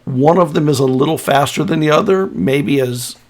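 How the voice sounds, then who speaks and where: Man running a tabletop game. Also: fairly high pitch. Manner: halting, restarts while describing the scene. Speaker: game master.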